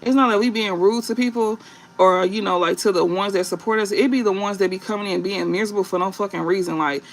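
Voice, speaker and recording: A man with a high-pitched voice hosts a late-night tarot livestream. He's blunt and foul-mouthed, dragging out filler sounds and circling back to the same phrases.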